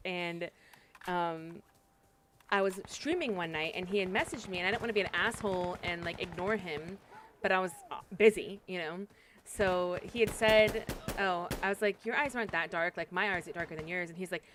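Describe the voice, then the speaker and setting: A woman's voice: fairly low pitch, a little fast, fairly bright tone. Young adult woman, streamer, blunt, swears a lot, casual chat, faint game noise behind. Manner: blunt, profane storytelling with frequent laughs. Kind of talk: casual chat while gaming.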